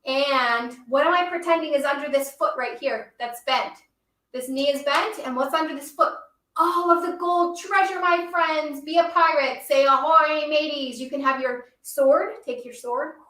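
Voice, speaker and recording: A woman's voice: sits high, moderate pace, fairly bright tone, roomy sound, recorded from a distance. A woman teaching a yoga class for children and reading a picture book aloud, encouraging the kids and calling them her friends.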